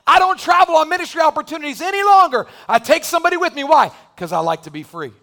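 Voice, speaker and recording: A male pastor delivering an impassioned sermon to a church congregation, joking one moment and shouting the next. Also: very high voice, animated, fast talker. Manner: impassioned preaching that builds to shouting. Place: church sanctuary.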